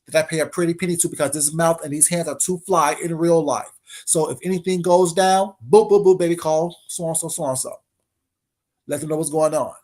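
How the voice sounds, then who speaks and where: A man's voice: on the high side, steady tone, fairly quick, darkish tone. A man giving a brash, confrontational casual monologue as an online commentator.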